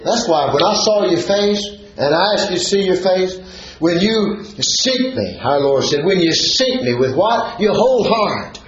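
In a dull, echoey church recording, a man preaches with a high-pitched, expressive voice at an unhurried pace. He reads scripture and expounds each verse in turn, punctuating it with fervent, sing-song exclamations.

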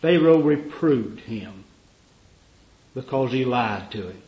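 A man preaching a fervent sermon, swinging from loud cries to low murmurs and acting out the voices of figures he quotes. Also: animated, takes it slowly. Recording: echoey, dull lo-fi recording.

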